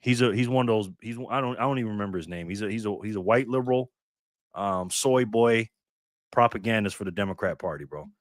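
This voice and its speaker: A man's voice: on the low side, quick pace, no echo, studio quality. A man hosting a casual live stream, ranting bluntly with frequent swearing and thanking viewers by name. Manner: blunt, profane, ranting commentary.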